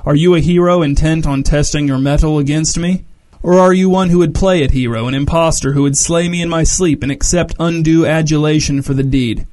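Guy doing a creepy low cave monster voice, scheming, storybook reading. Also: fairly even intonation, brisk, a little mellow, close to an everyday voice. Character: sinister monster voice from a dark cave.

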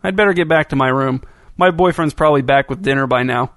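A woman's voice: rumbling low, quick pace, no echo, studio quality. A male narrator voicing a restless, adventurous woman on the run who talks bluntly and impatiently in a storybook reading.

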